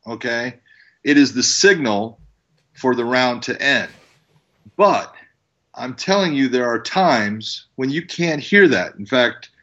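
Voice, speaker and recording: Bright-voiced referee telling stories. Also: male voice, medium pitch, highs cut off. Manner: animated storyteller, acts out quotes. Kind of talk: casual storytelling.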